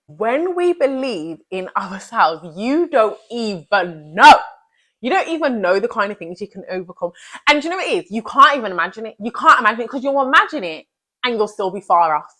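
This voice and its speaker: A woman's voice: fairly high pitch, sing-song, moderate pace, bright, forceful tone. A young woman giving an earnest, emphatic motivational talk as a vlogger, repeating her key phrases.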